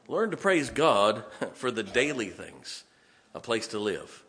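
A man's voice: on the low side, slow pace, slight background noise. A man preaching a sermon as pastor, folksy and joking, telling stories and raising his voice for emphasis. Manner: lively, raises voice for emphasis.

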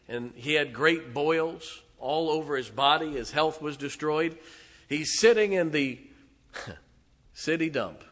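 Man, preacher, bright voice, dramatic sermon storytelling, acts out voices. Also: mid-range voice. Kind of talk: sermon retelling a Bible story.

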